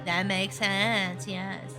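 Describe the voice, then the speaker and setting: A woman's voice: mid-range voice, flat delivery, very slow. A young adult woman streaming a video game from home, chatting in a bubbly, giggly way with her viewers. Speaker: VTuber streamer. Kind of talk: casual let's-play chat. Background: game music.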